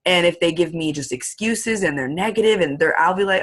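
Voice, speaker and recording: A woman giving an excited, chatty coaching talk to her sales team, acting out her phone calls as quotes. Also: fairly low pitch, brisk. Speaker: network marketing team leader.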